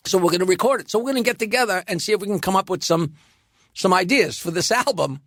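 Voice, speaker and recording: Podcast guest, male, high voice, dry mic, lively anecdote teller. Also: no room sound. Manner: animated anecdote teller with quick asides. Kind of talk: casual storytelling.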